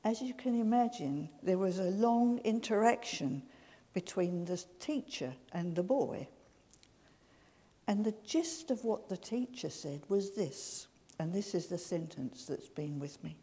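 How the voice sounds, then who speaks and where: A woman giving a sermon in a gentle, slow storytelling way. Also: mid-range voice, lively intonation, breathy edge. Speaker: preacher. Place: large church. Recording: reverberant church hall.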